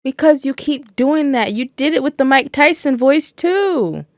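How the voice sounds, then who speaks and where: Brief: female podcast co-host, deadpan teasing, gravelly voice, dry close sound. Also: high voice, unhurried, no echo. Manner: dry, teasing, matter-of-fact. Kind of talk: casual wrestling chat.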